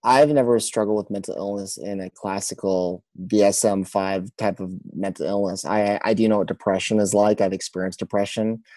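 Earnest pastor, dry close sound. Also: male voice, on the low side, fairly even intonation, warm tone, no room sound, rough recording. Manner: earnest, halting, many restarts. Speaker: pastor, guest. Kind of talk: personal storytelling in a podcast interview.

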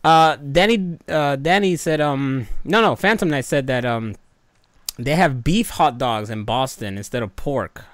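A man's voice: mid-range voice, measured pace, no echo, clean studio sound. Easy-laughing man in casual chat. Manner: laughs easily, trails off quietly.

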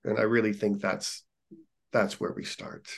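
A man's voice: on the low side, level tone, a little slow, vocal fry. A man who teaches yoga, talking in a casual podcast conversation with an earnest, encouraging coaching tone, repeating phrases for emphasis.

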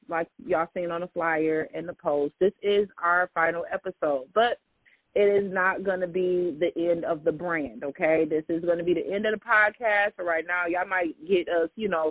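Male podcast host, high-pitched, folksy and chatty, phone-line quality. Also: no echo. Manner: chatty, gives hair tips, often addresses listeners as "y'all". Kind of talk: casual podcast chat.

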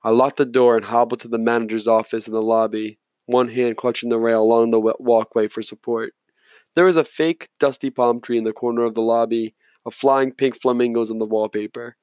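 A man reading a novel aloud in measured, subdued first-person narration. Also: medium pitch, darkish tone, no room sound. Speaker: audiobook narrator.

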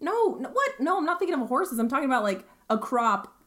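A woman's voice: high-pitched, brisk. A young woman co-hosting a casual podcast chat, swearing freely, filling her talk with likes, and jumping into silly voices. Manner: animated, swearing, lots of fillers, jumps into silly voices. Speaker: podcast co-host.

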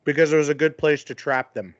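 A man's voice: on the high side, fairly even intonation, fast, dry recording, dull audio. A man co-hosting a podcast, chatting in an easygoing, chuckling way. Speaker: podcast co-host. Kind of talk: casual podcast chat.

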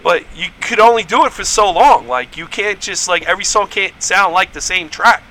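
Heated, bright-voiced New man ranting. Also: high voice, expressive, normal speed, rough recording. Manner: profane, heated storytelling. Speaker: podcast host. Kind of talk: casual podcast rant. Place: home podcast setup.

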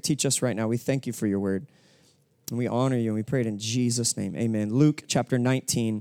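A man's voice: mid-range voice, darkish tone, no room sound. A man pastor preaching a sermon to his congregation, telling stories in a casual, joking way and then pressing points with emphasis. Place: church hall with live congregation.

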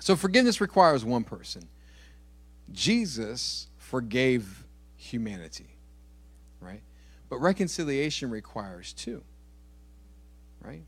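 A pastor preaching a sermon in church, joking with the congregation and repeating key phrases for emphasis. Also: male voice, medium pitch, big pitch swings, slow, pauses often, fairly bright tone, husky, no echo.

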